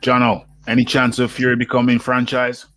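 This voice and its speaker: A British man hosting a casual boxing chat, animated and laughing often, repeating his words as he goes. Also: mid-range voice, brisk, dry recording. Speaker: host.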